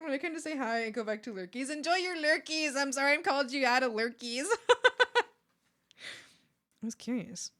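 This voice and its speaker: A woman's voice: sits high, moderate pace, long pauses, fairly bright tone. A woman streamer chatting casually with her viewers, laughing often and swearing offhandedly.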